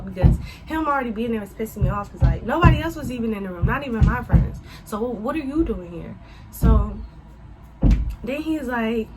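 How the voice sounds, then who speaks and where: A woman telling a casual storytime to her viewers, animated and swearing freely as she addresses them as y'all. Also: fairly high pitch, poor audio. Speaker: vlogger.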